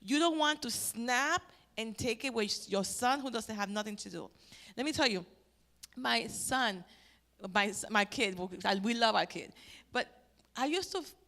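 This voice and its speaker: A middle-aged woman giving a personal testimony at a church family event. She swings between loud exclamations and near-whispers. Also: fairly high pitch, lively intonation, unhurried. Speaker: church family-life speaker.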